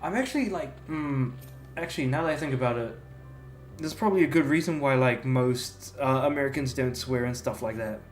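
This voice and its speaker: A man's voice: medium pitch, steady tone, moderate pace. A young man talks loosely to his stream chat, wandering between thoughts and full of fillers and restarts. His voice sits in a plain middle range and bounces around an echoey room, with faint music underneath. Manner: rambling, many fillers and restarts. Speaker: game streamer. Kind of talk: casual chat while livestreaming.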